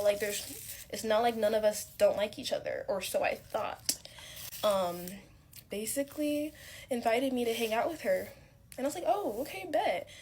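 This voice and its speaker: A woman's voice: fairly high pitch, darkish tone, a little hiss or hum. A young woman telling a casual story-time tale about college friends in a rambling, filler-heavy way. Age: young adult.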